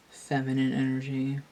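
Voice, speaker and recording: A weary tarot reader works through a card spread at an unhurried, drawn-out pace. The voice sits at a middling pitch and muses aloud, circling back and restarting thoughts as they go. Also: warm tone. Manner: slow, musing, thinks aloud with restarts. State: tired from pain. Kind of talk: casual tarot card reading.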